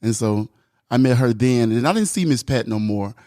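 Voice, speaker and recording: A man, a guest makeup artist, telling his story in a playful, chatty way. His voice sits at mid pitch, and the recording is close and dry. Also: expressive, normal speed, mellow, no room sound. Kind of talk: casual chat.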